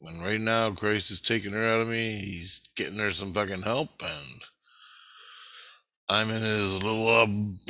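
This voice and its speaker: A man's voice: fairly low pitch, fairly even intonation, measured pace, sharp tone, no echo. A middle-aged man in an agitated, rambling vlog monologue, swearing heavily.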